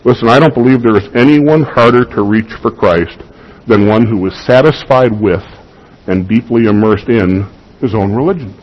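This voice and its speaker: A man's voice: medium pitch, moderate pace, lo-fi sound. A man preaching a sermon, emphatic and given to repeating key phrases for weight.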